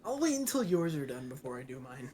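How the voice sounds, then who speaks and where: A woman's voice: extremely low pitch, big pitch swings, fast, dark tone, slight background noise. A woman playing in a tabletop game, talking cheerfully and eagerly. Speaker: player. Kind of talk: casual tabletop role-play.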